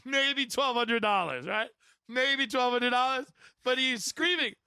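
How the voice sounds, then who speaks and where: Man, comic storyteller, bright high voice, dry close mic, rambling and laughing. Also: clear, resonant tone, dry recording. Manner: rapid, rambling anecdotes with laughter and impressions. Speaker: podcast host. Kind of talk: comedic storytelling.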